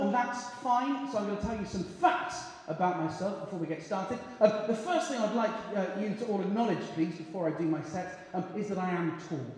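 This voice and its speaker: A man's voice: sits high, a little mellow. Hesitant young man doing stand-up. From Bristol, England. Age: 20s. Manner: hesitant and self-deprecating, with many ums and uhs. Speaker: stand-up comedian. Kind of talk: stand-up comedy set. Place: comedy club stage with live audience. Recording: echoey hall with crowd noise.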